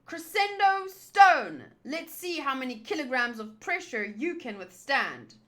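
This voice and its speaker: A woman voicing a pompous scheming male villain who gloats slowly as she reads a comic aloud. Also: high voice, very animated, a bit bright, full character voice. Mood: gloating. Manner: slow, drawn-out gloating.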